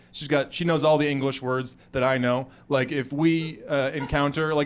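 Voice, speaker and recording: American man doing animated stand-up. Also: on the high side, a little hiss or hum. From United States. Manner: animated, acts out voices of others. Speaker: stand-up comedian. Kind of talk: stand-up comedy. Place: comedy club stage before a live audience.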